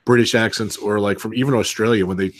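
A man's voice: fairly low pitch, steady tone, fast. Upbeat male host, casual, keeps the talk going. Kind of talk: casual chat.

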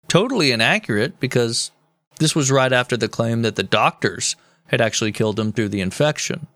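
A man's voice: mid-range voice, normal speed, fairly bright tone, no echo. A man co-hosting a comedy history podcast, telling the story in a joking, mock-serious way with casual swearing. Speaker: podcast co-host.

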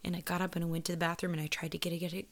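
A woman's voice: lowish voice, flat delivery, very fast. A woman in casual chat, telling a personal story candidly with plenty of swearing and slipping into whispers for quoted lines.

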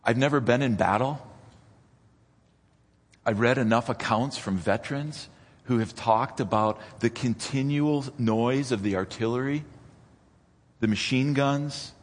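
A man preaching a sermon as pastor, dramatic and rising toward near-shouts when he retells scenes. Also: mid-range voice, measured pace, long pauses. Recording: long reverb of a church hall.

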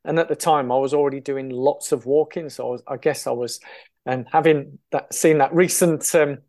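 A man's voice: medium pitch, steady tone, moderate pace, a little mellow. A man in his sixties from England, guest in an interview, telling his story in a chatty way with frequent fillers, restarts and laughs. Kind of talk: casual interview chat.

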